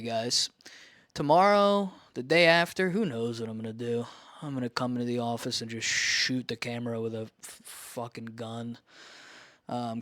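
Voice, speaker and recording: Young male vlogger, mid pitch, rambling and self-deprecating, dry close sound, home office. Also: dry recording. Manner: self-mocking, rambling, jumps between loud and mumbled asides. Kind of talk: rambling casual vlog talk to camera. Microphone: camera he holds and turns.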